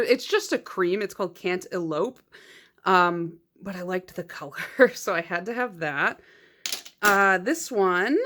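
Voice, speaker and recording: A woman talking casually to her viewers as she goes through her nail polish collection. She is chatty and quick to poke fun at herself, with frequent laughter. Her pitch sits in an ordinary middle range for a woman. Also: a bit bright. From United States. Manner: chatty and self-mocking, laughs often. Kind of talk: casual chat.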